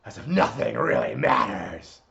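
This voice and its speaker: A man's voice: lowish voice, sing-song, unhurried, gravelly, a bit bright, reverberant, dull audio, voice pushed down, heavily acted. A man doing an impression of a foul-mouthed male wrestling manager, belting out a rock song with curses. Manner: cursing, belted singing.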